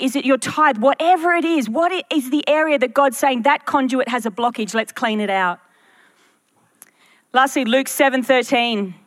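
A woman's voice: a little high, fairly bright tone. Earnest woman preaching a sermon. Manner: earnest, rhetorical questions to the congregation. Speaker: pastor. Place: church.

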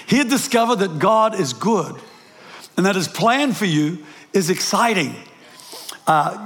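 A man's voice: high voice, fairly bright tone. An older man with a New Zealand accent preaching a sermon, telling stories with lots of restarts and self-deprecating asides. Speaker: pastor. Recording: preached in a large reverberant hall.

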